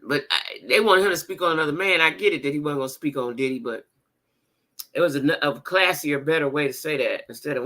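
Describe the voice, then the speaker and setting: A woman hosting a casual livestream chat, talking to her viewers in a blunt, animated and profane way, with repeated exclamations. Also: sits low, quick pace, creaky. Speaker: livestream host reading viewer comments.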